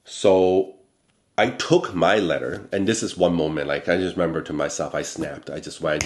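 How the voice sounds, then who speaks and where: A man hosting a talk show, telling a personal work story in a blunt, animated way, often tagging "okay?" onto his points. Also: deep voice, normal speed, reverberant. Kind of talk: casual storytelling monologue.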